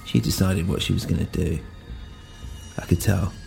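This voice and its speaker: A man's voice: low voice, steady tone, normal speed, gravelly, a little mellow, soft background music. A man narrating a first-person audio drama in a brooding, introspective way.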